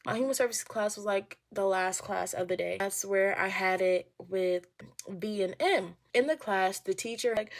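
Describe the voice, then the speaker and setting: A young woman in her twenties tells a storytime to her viewers in a casual, cuss-heavy way. She is animated, jumping in and out of other people's voices. Her voice sits at an ordinary middle pitch. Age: 20s. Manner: profane, animated, acting out quotes. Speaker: storytime vlogger.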